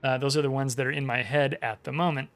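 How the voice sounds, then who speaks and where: A man's voice: medium pitch, steady tone, fast, fairly bright tone. A man hosting a casual gaming news stream, reading articles aloud and rambling with many fillers and restarts. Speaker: gaming channel host.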